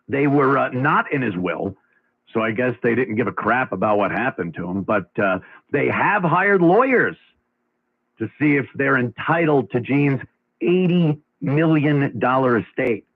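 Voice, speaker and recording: A man's voice: mid-range voice, breathy edge, no room sound, phone-quality sound. A man hosting talk radio, delivering a blunt, mocking monologue. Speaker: radio show host. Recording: AM radio broadcast with faint music.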